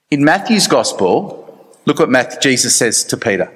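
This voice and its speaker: Pastor preaching in a reverberant church. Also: male voice, mid-range voice, moderate pace. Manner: conversational, animated preaching with dry asides. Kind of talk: sermon.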